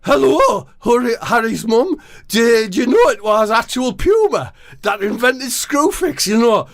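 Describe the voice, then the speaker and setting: A man voicing a dim, excitable young footballer who babbles in a squeaky way. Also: a little slow, heavily acted. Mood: giddy.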